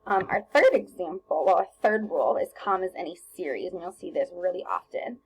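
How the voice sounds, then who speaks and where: A woman teacher talking students through a recorded grammar lesson on slides, relaxed and chatty with lots of ums and self-corrections. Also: fairly low pitch, a little fast, slightly rough, rough recording.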